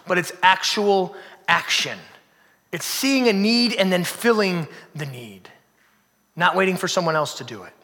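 A man preaching a sermon, swinging from loud emphasis down to hushed, near-whispered passages. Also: sits high, in a large hall. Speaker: pastor.

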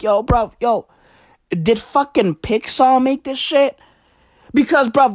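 A woman's voice: on the high side, no echo, studio quality. A woman delivering a comedic rant, profane and slangy, hammering her points with repetition. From South Africa.

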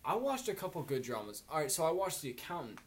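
A man's voice: on the high side, very animated, fast. Young drunk guy, rambling and swearing, casual chat with faint noise behind. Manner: rambling, profane storytelling. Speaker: friend in a group chat.

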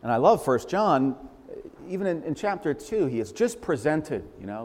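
A man preaching a sermon in an emphatic, animated way, repeating phrases for stress. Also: on the high side, moderate pace. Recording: long hall reverb.

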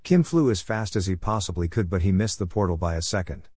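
A man reading out a homemade story in a plain, steady way. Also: deep voice, fairly quick, husky, no echo, clean studio sound.

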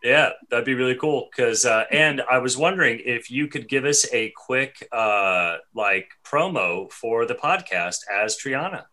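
A man hosting a podcast, speaking casually and haltingly, with many "uh"s. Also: mid-range voice, lively intonation, pushed and bright. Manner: halting, lots of "uh"s. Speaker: podcast host.

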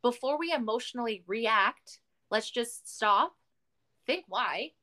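A Canadian woman hosts a casual podcast chat, ranting with animated energy and swearing freely. Her voice sits somewhat high. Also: slow pace. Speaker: podcast host.

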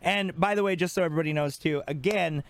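A man co-hosting a podcast in casual chat, animated and fond of acting out voices, on a podcast microphone. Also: on the high side, fast, no echo. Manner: animated, acts out quoted voices. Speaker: podcast co-host.

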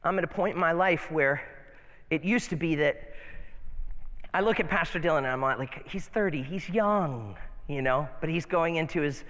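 A man's voice: on the high side, moderate pace, a bit bright. A pastor in his fifties preaching a sermon in a conversational, folksy way, with frequent asides and restarts. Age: 50s. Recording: long reverb of a large hall.

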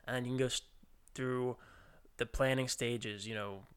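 A man's voice: medium pitch, steady tone, moderate pace, fairly bright tone, smooth. A young adult man, a podcast guest, chatting casually and rambling upbeat, often saying dude. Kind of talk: casual chat.

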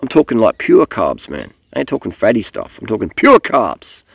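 Gravelly man ranting about training. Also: lowish voice, wildly swooping pitch, normal speed, no echo, studio quality. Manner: blunt, profane, rambling, swears freely. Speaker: cycling vlogger. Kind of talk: casual rambling monologue. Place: outdoors.

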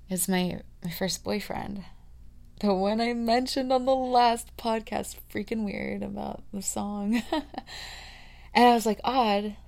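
A woman in her thirties hosting a podcast, talking through a rambling, confiding personal monologue full of fillers, dropping to a hush and then rising loud. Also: mid-range voice, creaky. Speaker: podcast host.

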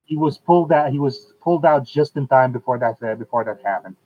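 A man hosting a casual chat in an unhurried way, often pausing on "uh" and restarting his sentences. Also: medium pitch, no echo. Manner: unhurried, fills pauses with "uh" and restarts. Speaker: podcast host. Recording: tinny phone-like line.

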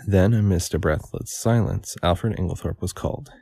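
Deep gravelly man reading aloud. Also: warm tone, no room sound, studio quality. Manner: pauses to correct and comment on his reading. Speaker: audiobook reader. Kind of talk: casual read-aloud with commentary.

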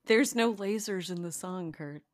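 A woman co-hosting a casual podcast chat about songs, playful and joking with quick asides. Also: fairly low pitch. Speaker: podcast co-host.

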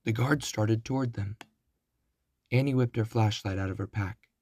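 A man narrating a children's storybook aloud, slow and deliberate. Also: lowish voice, a little mellow.

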